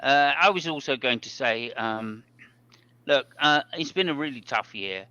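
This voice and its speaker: A man's voice: medium pitch, expressive, a little slow, pushed and bright, smooth, dry recording, muffled recording. A man hosting a casual motor-racing podcast chat, rambling along with plenty of fillers. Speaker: podcast host. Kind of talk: casual race commentary chat.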